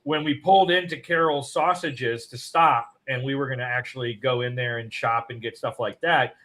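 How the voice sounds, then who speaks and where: A man with a bright, forceful voice chats casually as co-host of a morning show. He tells his stories in long, rambling runs. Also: medium pitch, fairly even intonation, normal speed, rough recording. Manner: rambling storyteller.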